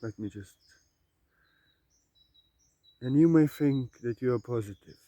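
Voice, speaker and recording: A man giving an unscripted spiritual talk, repeating his points, pressing them loudly and then dropping to quiet musing. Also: medium pitch, a little slow, a little hiss or hum. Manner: emphatic and repetitive, swinging between loud urging and quiet musing. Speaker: spiritual teacher.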